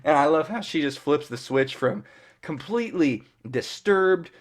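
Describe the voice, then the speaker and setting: A man's voice: fairly high pitch, lively intonation, a little slow. A man giving a casual, rambling episode recap as a fan reviewer, full of fillers and mild swearing.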